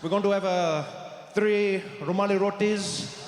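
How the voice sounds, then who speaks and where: A showy diner orders for the whole table in a heavy Indian accent, as a man puts it on. He stretches out each word with slow, deliberate care, and the sound rings in a roomy stage with a noisy crowd behind it. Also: high voice, fairly even intonation. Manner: slow, over-enunciated, showy. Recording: echoey stage with audience noise.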